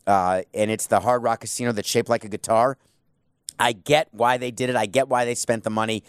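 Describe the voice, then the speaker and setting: A man offers loose, opinionated commentary, tossing in quick jokes at his own expense. His pitch is an ordinary middle one with fairly even intonation and a clean tone. The recording is dry and close, with no sense of a room around him.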